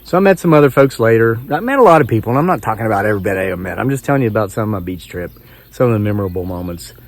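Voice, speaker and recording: A man's voice: on the low side, expressive, very fast. A man in his forties from West Virginia, talking outdoors to his channel in a rambling, chuckling, self-mocking way. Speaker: homesteading vlogger. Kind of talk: rambling storytelling to camera.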